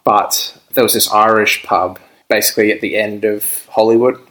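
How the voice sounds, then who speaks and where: A young Australian man appears as a podcast guest, laughing as he tells a laid-back, rambling story. His voice is lowish, steady and a bit bright at a normal speed, though the audio quality is poor.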